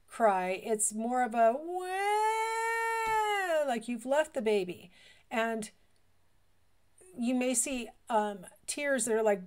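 A woman's voice: a little high, a little mellow. A middle-aged woman giving a recorded college lecture in a conversational, explanatory way, with frequent fillers.

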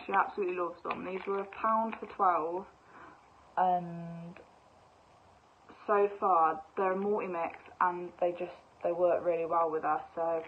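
A woman's voice: lowish voice, a little hiss or hum. Bubbly woman, tinny sound. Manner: bubbly and excitable, rambling with many fillers. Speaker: vlogger. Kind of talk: casual shopping haul chat.

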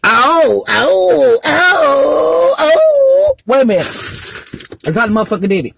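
A man's voice: very high voice, wildly swooping pitch, takes it slowly, vocal fry, a bit bright, full character voice. A man playing a sassy, foul-mouthed gray-haired grandmother, scolding viewers in a live-stream comedy bit on a phone. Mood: annoyed. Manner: brash, profane, scolding the viewers.

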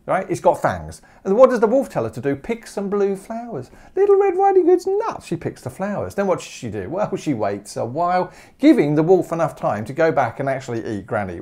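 A man teaching maths in a humorous video lesson, jokey and animated, firing off rhetorical questions. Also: fairly high pitch.

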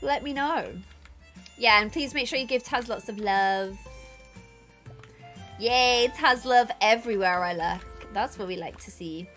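Bubbly, high-voiced woman streamer. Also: a little slow, pauses often, a bit bright, soft background music. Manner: bubbly, dramatic exclamations, thanks viewers. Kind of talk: live gameplay stream chat.

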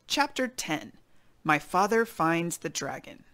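A woman reading a chapter book aloud to children, expressive, with chatty asides to her listeners. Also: on the low side, takes it slowly. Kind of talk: read-aloud storytelling for kids.

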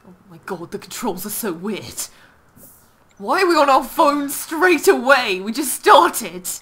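A woman playing Ciel, a bossy young boy earl, in cosplay role-play over a video game. She teases dryly and breaks into laughing shouts. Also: high voice, sing-song, a little slow, exaggerated voice. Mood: haughty. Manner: bossy, dry teasing, bursts into laughing shouts. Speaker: gaming channel host. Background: game music.

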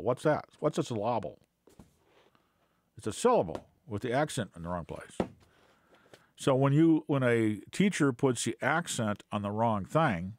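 A man giving an unscripted Bible teaching, hesitant with many fillers and restarts, then pressing points with scornful emphasis. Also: medium pitch.

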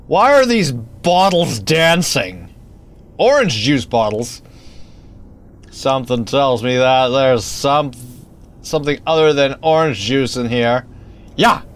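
Man, gamer commentary, unhurried, lively swooping pitch, rambling, startles easily. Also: slight background noise. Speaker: let's play gamer. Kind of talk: casual game commentary.

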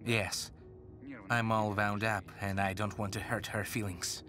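A man dubbing a worried young husband in a TV drama who tries to keep the peace, speaking in a measured way. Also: fairly low pitch, level tone, music in the background, lightly acted. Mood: strained. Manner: slow and measured. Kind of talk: dubbed TV drama.

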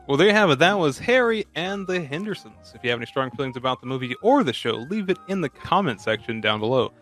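A man co-hosting a casual movie-review podcast, wry and quick to laugh, swearing casually. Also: a little high, big pitch swings, fairly bright tone, soft background music. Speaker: podcast co-host. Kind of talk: casual movie-review chat over beer.

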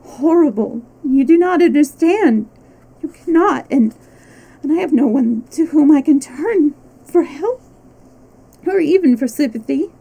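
A woman's voice: a little high, a little slow, a little mellow, rough recording. A woman reading aloud and voicing a distraught young noblewoman, pleading emotionally and tearfully. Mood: anguished.

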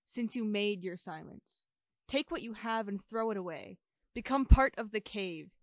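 A woman's voice: medium pitch, lively intonation, moderate pace, no room sound, clean studio sound, natural voice. A woman actor playing a wistful, questioning woman's voice of memory in an experimental theater monologue. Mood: probing. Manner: questioning, shifting between soft and pressing. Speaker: stage actor.

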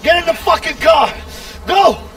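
A furious betrayed convict. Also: male voice, very high voice, unhurried. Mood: enraged. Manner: shouting, swearing, threatening. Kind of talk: video game cutscene acting. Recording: distant game audio under loud music.

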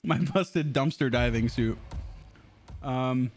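A man's voice: mid-range voice, takes it slowly, a little mellow, faint music behind. Crude, laughing male game streamer. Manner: crude, swears freely, laughs often. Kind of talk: casual live-stream chat.

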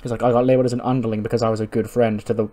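A man's voice: medium pitch, flat delivery, racing, dark tone, natural voice. A man voicing a proud, determined female wrestler who speaks earnestly.

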